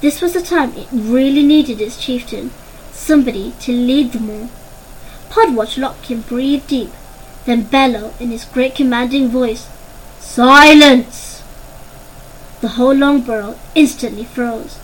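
A woman narrating a children's storybook in an expressive, dramatic way. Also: on the high side, moderate pace, a little hiss or hum, low-quality recording.

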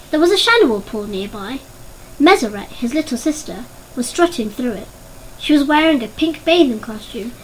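High-voiced woman reading a story. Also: a little hiss or hum, low-quality recording. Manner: voices characters with raised pitch. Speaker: narrator. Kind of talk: audiobook narration.

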